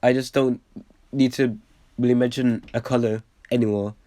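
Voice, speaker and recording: A young man casually rambling over an old video, packed with "like" fillers and the odd swear, getting excited and then trailing off. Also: medium pitch, moderate pace, no room sound. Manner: excitable bursts, trails off with a quiet "yeah". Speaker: reaction video host.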